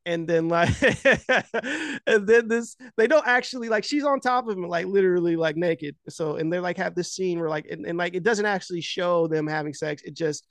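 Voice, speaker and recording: A man in casual chat retelling a film scene. He rambles with constant filler words, swears freely, and gets animated as he goes. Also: high-pitched, a little fast, few pauses, no echo.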